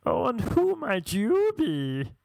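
A man's voice: very high voice, wildly swooping pitch, vocal fry, darkish tone, dry recording, voice pushed up, full character voice. A man voicing a pompous young man who puts on a fake posh voice, haughty and drawn out. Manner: haughty, drawn-out, name-dropping.

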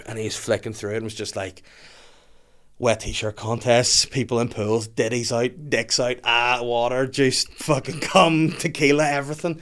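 A man in his thirties tells a wild anecdote in casual podcast chat. He is animated and laughs often. His pitch sits in the middle range for a man. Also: moderate pace. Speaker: podcast guest.

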